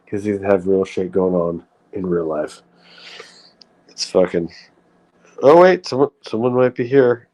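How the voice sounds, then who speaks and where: A man's voice: fairly low pitch, measured pace, dark tone, rough recording. A man hosting a livestream, talking in a rambling, profane way with frequent restarts. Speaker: livestream host. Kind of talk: casual livestream rant.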